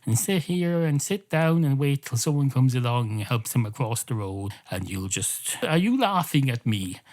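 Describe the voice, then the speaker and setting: A man's voice: medium pitch, animated, moderate pace, darkish tone, close to an everyday voice. Man doing a prim, pedantic guide dog. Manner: polite, pedantic, self-restrained. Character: earnest prissy male future guide dog.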